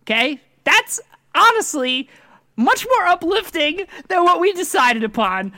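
A man co-hosting a comedy podcast, animated and arguing with mock outrage. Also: extremely high pitch, a little slow, dry recording, studio quality. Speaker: podcast co-host. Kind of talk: casual comedic chat.

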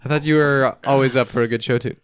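A man's voice: medium pitch, fairly even intonation, quick pace. A man co-hosting a casual chat while playing word games, joking and playfully defensive. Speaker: co-host.

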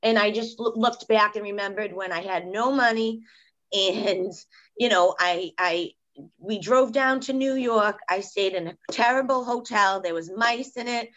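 Woman, business-owner guest on a podcast, chatty and heartfelt, middle pitch. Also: unhurried, a bit bright, dull audio. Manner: chatty, heartfelt, many "you know" fillers. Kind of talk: casual podcast interview.

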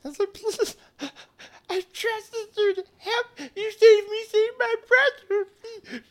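Casting: small weepy creature, very high crying wail, begging. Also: male voice, fairly even intonation, very fast, dark tone. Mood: pleading, crying. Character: sad small male creature, tearful and pleading.

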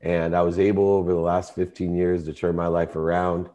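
A man's voice: low voice, flat delivery, fairly quick, muffled recording. A man, a guest entrepreneur, telling his life story with emphatic, emotional delivery in an interview. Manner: emotional, emphatic, rising to shouting in quoted arguments.

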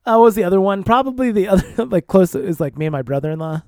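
This man's voice sits fairly high and jumps around a lot, with a dry, close sound. He tells his stories in a loose, rambling way, swearing freely and laughing along with himself. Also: lively intonation, quick pace, mellow, no echo. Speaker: podcast co-host. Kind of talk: casual storytelling chat.

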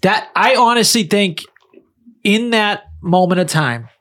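A man's voice: high-pitched, expressive, measured pace, fairly bright tone. A man co-hosting a podcast, cutting in with crude jokes in casual chat. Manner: joking, crude interjections. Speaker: podcast co-host.

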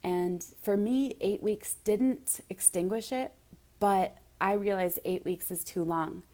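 A woman's voice: mid-range voice, slow pace, dark tone. A woman giving a heartfelt, direct motivational monologue as a business coach, at times close to tears. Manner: emotional, near tears at times.

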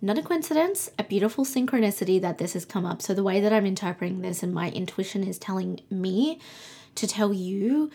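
A young woman with a breathy, slightly husky voice hosts a spiritual podcast. She reads cards and speaks softly and soothingly, slowing down to draw out her affirmations. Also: mid-range voice, expressive. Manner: soft, soothing, slows down for affirmations. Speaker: podcast host. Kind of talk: spiritual card-reading podcast talk.

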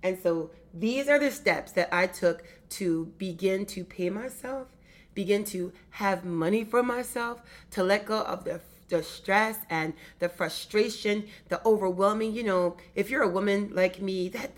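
A woman's voice: medium pitch, expressive, moderate pace. A middle-aged woman giving an emphatic motivational business talk, repeating phrases for effect. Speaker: business coach.

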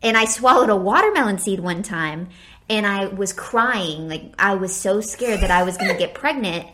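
A woman's voice: medium pitch, expressive, normal speed, sharp tone. A woman from the American South co-hosting a podcast in casual chat, playful and filling her talk with "like". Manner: chatty, playful, says "like" often. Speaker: podcast co-host.

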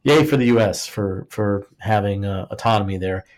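A man's voice: lowish voice, normal speed, a little mellow. A man co-hosting a podcast, rambling jokily through a history topic in casual chat, filling his talk with "like" and restarts. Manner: rambling and jokey, heavy use of "like", frequent restarts. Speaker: podcast co-host.

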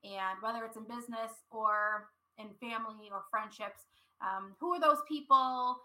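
A woman who hosts a business podcast, talking casually over a video call in an animated, story-telling way with frequent laughs. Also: a little high, moderate pace, low-quality recording. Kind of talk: casual conversational chat.

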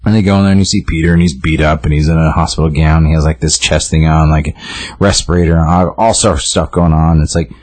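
Low, husky man casually retelling a comic. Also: fairly even intonation, quick pace, a little mellow, no echo. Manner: rambling, filler-heavy storytelling with many restarts. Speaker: podcast co-host recapping a comic book. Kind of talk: casual chat, retelling a comic with quick voiced lines.

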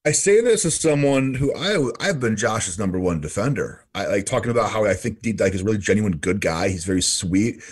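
A man's voice: a little fast, hardly any pauses, husky, no room sound. A man co-hosting a casual podcast recapping a reality show, talking animatedly and swearing often. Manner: animated, swears a lot, jumps up high when mimicking people. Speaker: podcast co-host.

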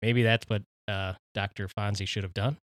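Male podcast co-host from Minnesota, low and laid-back, wry, dry close-mic sound. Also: flat delivery, normal speed, no echo. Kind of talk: casual podcast banter.

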